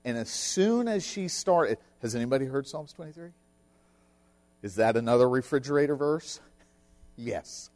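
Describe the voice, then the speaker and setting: A man's voice: mid-range voice, expressive, normal speed, long pauses, darkish tone. A middle-aged man preaching a sermon, telling a personal story in an earnest, emphatic way. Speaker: pastor.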